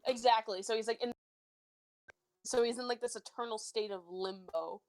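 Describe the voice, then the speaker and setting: A young-sounding woman from Ontario with a light Canadian accent, her voice sitting fairly high. She talks in quick, animated bursts between laughs, cursing casually as she chats with her game group. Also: no echo. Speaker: tabletop game player.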